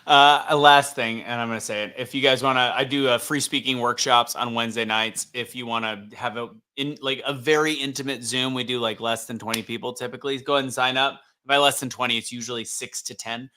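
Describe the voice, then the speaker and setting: A man's voice: mid-range voice, fairly even intonation, a little fast, hardly any pauses, pushed and bright, smooth. A man co-hosting a podcast who works as a speaking coach, plugging his workshop in an upbeat, promotional way. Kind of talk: casual chat, self-promotion.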